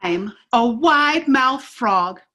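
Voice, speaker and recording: A woman voicing a boastful, cheerful male frog in a children's storybook, drawing out her words in a slow, sing-song way. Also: a little high, expressive, sharp tone, heavily acted.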